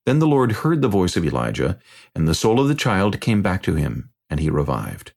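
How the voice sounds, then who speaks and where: Deep gravelly male scripture narrator. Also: huge pitch swings, brisk, a little mellow.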